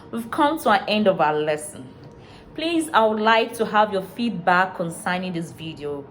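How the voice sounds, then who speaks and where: Slow, deliberate woman teaching. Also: medium pitch, a little hiss or hum. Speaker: IELTS tutor. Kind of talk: video lesson.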